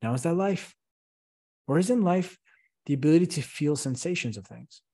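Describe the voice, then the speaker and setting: A man's voice: on the high side, moderate pace, slightly rough. Passionate man talking about leadership. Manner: passionate, animated, rhetorical questions. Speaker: podcast guest, company CEO. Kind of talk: conversational interview.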